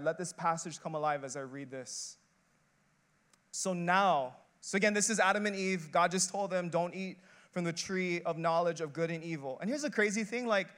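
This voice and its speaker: Pastor guy preaching, pretty high voice, casual and emphatic, keeps saying like. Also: fairly bright tone. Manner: conversational, emphatic preaching with repeated "like" and rhetorical questions; builds emphasis through repeated short phrases. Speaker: associate pastor. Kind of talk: sermon.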